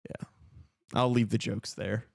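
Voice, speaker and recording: A man hosting a casual live talk show, reacting to a hockey game with excited outbursts and jokes. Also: fairly low pitch, a little slow, vocal fry, no echo, studio quality. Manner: excitable, shouts at big plays, joking. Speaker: podcast host watching a hockey game.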